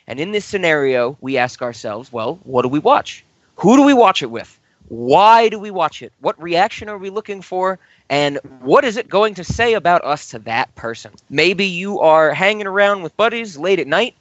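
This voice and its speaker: A man's voice: fairly high pitch, fairly bright tone, dry recording, lo-fi sound. A man co-hosting a casual film podcast, rambling and teasing his co-host.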